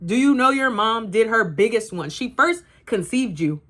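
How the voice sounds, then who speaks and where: A woman's voice: on the high side, expressive, moderate pace, a bit bright. A young woman in her twenties vlogging at home to camera, giving a blunt, sassy motivational talk and swearing freely. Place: bedroom at home, indoors. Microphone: camera facing her.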